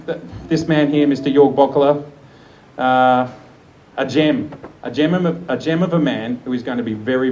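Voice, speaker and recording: A man in his forties gives an enthusiastic launch speech to a room of guests, chatty and quick to laugh. His voice sits at a middle pitch. Faint noise hangs behind it. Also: darkish tone, poor audio. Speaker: photographer giving a book launch speech. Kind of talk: live speech to an audience. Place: event room with an audience.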